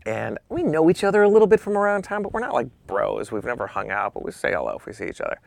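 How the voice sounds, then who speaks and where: A middle-aged man, a photographer, telling a lively anecdote in conversation and shifting his voice when he quotes people. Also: fast talker, creaky, no echo. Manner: lively, swings pitch when quoting people. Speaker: photographer guest.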